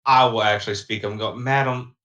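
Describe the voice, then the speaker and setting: Bright-toned deadpan game player. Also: male voice, on the low side, fast talker, echoey room, muffled recording. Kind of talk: playing a tabletop game.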